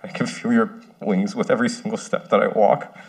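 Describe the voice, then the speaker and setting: A young man in his twenties from the San Francisco Bay Area, giving an earnest, emotional ceremony speech with some halting pauses. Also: lowish voice, steady tone, creaky. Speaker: first-year medical student. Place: ceremony stage.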